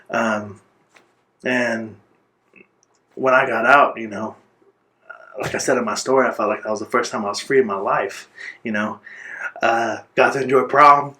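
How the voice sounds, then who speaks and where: A man's voice: fairly low pitch, pushed and bright. Earnest man recounting his life story. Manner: earnest and reflective, pausing to gather words. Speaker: interview guest. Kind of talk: personal life story in an interview.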